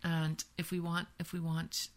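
Low gravelly woman explaining boundaries. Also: monotone, a little slow. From Canada. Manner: explains with repeated "right?" and acted-out example phrases. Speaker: podcast guest, women's empowerment and yoga teacher. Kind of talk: casual podcast conversation.

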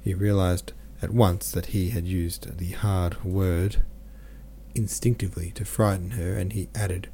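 A man reading a classic novel aloud as an audiobook narrator, in a measured, even storytelling manner. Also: low-pitched, slight background noise. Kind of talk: scripted literary narration.

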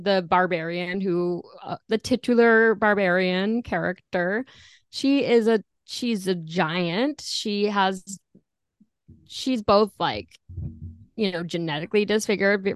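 A woman guest on a podcast, chatting casually in an animated way with frequent restarts. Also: on the low side, no echo, studio quality. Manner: animated, trailing restarts and laughs.

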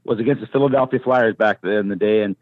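A man, a former hockey enforcer, tells stories in a relaxed, rambling way, often restarting his sentences. His voice comes through a thin, phone-like line. The sound is dry and close, with no room around it. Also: lowish voice, fast, dry recording. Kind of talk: casual storytelling.

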